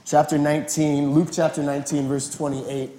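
A man preaching a sermon as a pastor, telling the story in a relaxed, conversational way and acting out the quotes. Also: on the high side, normal speed, a little hiss or hum. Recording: echoey room.

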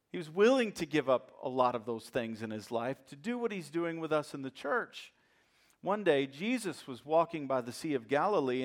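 This preacher's voice is on the high side. Delivering a sermon in church, he alternates loud, emphatic lines with hushed asides and repeats phrases for impact.

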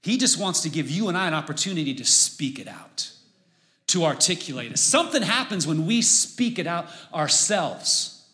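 A man preaching a casual sermon, conversational and animated, acting out voices as he retells a story. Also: on the high side, normal speed. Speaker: pastor.

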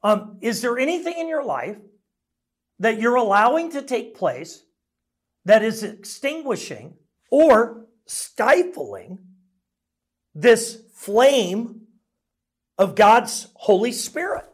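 Middle-aged male pastor, sermon delivery, lively swooping voice, casual storyteller with a self-mocking streak. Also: very high-pitched, slow pace, long pauses. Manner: conversational storytelling, self-deprecating humor.

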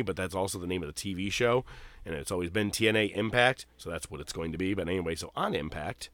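Man, podcast host, casual chat, rambling and profane, lowish voice, dry recording. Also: fairly bright tone, no room sound.

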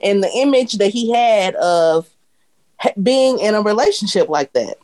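A woman co-hosting a casual TV recap chat, explaining her view in a measured way and drawing on personal experience. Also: medium pitch, lively intonation, a little mellow. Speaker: podcast co-host.

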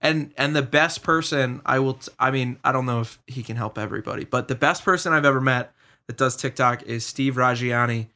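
A man's voice: mid-range voice, a little fast. A man hosting a podcast, chatting casually and telling jokey stories. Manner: joking, animated storyteller. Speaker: podcast host. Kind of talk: casual chat.

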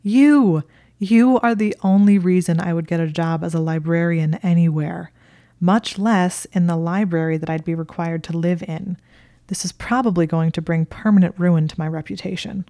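A smug young wizard man with a smirking, needling way of talking, as a woman reading aloud puts him on. He rambles on in a fairly low, warm voice, dismissive and self-satisfied, recorded close and dry like an audiobook. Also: fairly even intonation, moderate pace, no room sound, lightly acted. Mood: exasperated.

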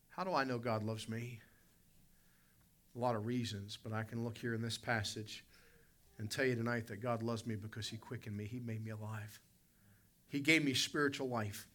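A male pastor preaching a sermon, telling a vivid folksy personal story and calling on members of the congregation by name, swinging between loud emphatic lines and quiet asides. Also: medium pitch.

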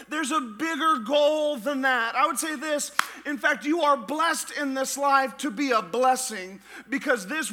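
A man preaching a sermon as pastor, with rising shouts and a few sung lines. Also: very high voice. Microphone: church podcast recording of a live sermon.

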